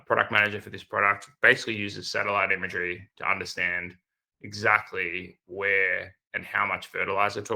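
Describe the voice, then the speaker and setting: Gravelly, bright-voiced man giving a casual talk. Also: sits low, poor audio. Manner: relaxed, filler-heavy, upbeat slang. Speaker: conference speaker, product manager. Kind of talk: casual conference presentation.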